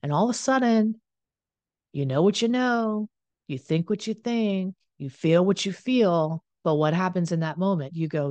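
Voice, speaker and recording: A woman's voice: fairly low pitch, moderate pace, darkish tone, no echo. A woman coaching on addiction and relationships, talking frankly and conversationally, repeating phrases for emphasis. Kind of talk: direct-to-camera advice monologue.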